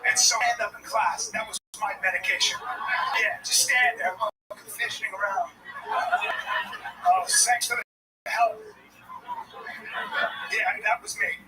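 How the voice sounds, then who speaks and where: A middle-aged man telling a stand-up story in a high-pitched voice, shifting between exasperated rants and quick asides. He sounds off-mic and a little distant. A loud wash of room noise runs under every line. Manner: animated, exasperated, ranting. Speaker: stand-up comedian.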